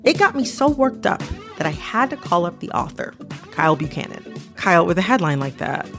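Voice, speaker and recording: A woman hosts a radio show, her voice swinging widely in pitch as she leans into each point with playful indignation. She sounds close to a studio mic, with faint music underneath. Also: fairly quick. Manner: lively, emphatic, playfully indignant. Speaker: podcast host. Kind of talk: scripted radio narration and interview. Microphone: studio microphone.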